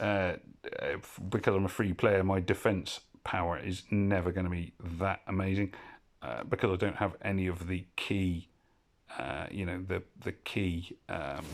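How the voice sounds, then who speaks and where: Rambling low-voiced man narrating gameplay. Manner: rambling, digressive and self-correcting. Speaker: mobile game player commentating. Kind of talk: casual gameplay commentary.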